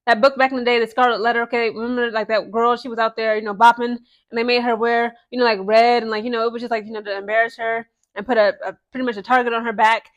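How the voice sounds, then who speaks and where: A woman's voice: fairly high pitch, quick pace, few pauses, dull audio. Chatty young woman vlogging about sports. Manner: chatty, animated, frequent "okay?" and "guys" asides. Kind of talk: casual vlog commentary.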